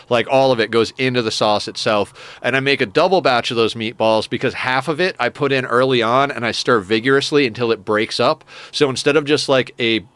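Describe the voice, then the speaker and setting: A man's voice: mid-range voice, a bit bright, clear, resonant tone, dry recording. A young adult man streaming a game, chatting casually and rambling with lots of swearing and enthusiasm. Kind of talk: casual chat while playing a game.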